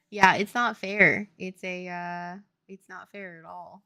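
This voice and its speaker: A woman's voice: on the low side, very slow, bright, forceful tone. A woman from Louisiana, a game developer chatting casually on a stream, rambling and laughing often. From Louisiana, US Southern. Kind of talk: casual chat on a dev stream.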